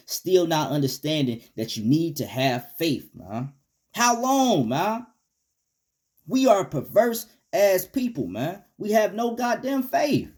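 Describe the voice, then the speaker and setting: A man in a mid-range voice leads a Bible lesson in relaxed street slang, reading old scripture and then translating it for his listeners. His pitch rises and falls a lot, climbing sharply on rebukes and sinking on quiet asides, and "man" caps off nearly every phrase. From United States. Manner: animated, swings from loud rebukes to low asides. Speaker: Bible teacher.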